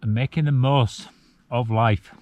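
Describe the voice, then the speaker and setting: Relaxed man in his forties outdoors. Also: medium pitch, a little slow. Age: 40s. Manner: relaxed, reflective, chuckling now and then. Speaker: solo wild camping vlogger. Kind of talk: casual chat to camera. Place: outdoors on a cold mountain at night.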